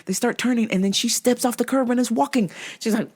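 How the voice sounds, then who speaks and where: A woman hosting a podcast, telling a story in a casual, animated, profane way with loud laughs. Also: fairly high pitch, fast, hardly any pauses, slight background noise. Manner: animated, profane, laughs loudly, squeals in impressions. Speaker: podcast host.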